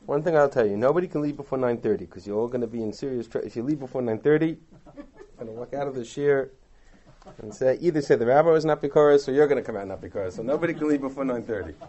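A man's voice: mid-range voice, very fast, dark tone, highs cut off. A man, a rabbi, giving a text study lecture, asking rhetorical questions and reciting verses, then translating them. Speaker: rabbi teaching a class.

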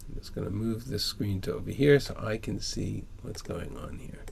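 A man's voice: on the low side, moderate pace, vocal fry, darkish tone, a little hiss or hum. A man teaching a text-study class over a video call, reading verses and then explaining them with emphatic rhetorical questions.

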